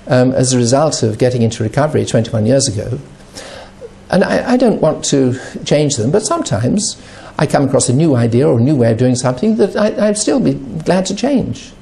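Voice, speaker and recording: A middle-aged man giving a talk on addiction recovery, animated and acting out the voices he quotes. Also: mid-range voice, gravelly.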